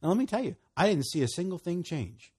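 A middle-aged man preaching, telling a personal testimony with animated storytelling, his voice jumping up when he gets excited. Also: sits high, fast talker, husky. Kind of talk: sermon testimony.

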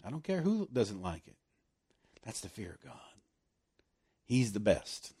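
A man preaching a sermon, animated and laughing often, slowing right down to stress scripture. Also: fairly low pitch, breathy edge.

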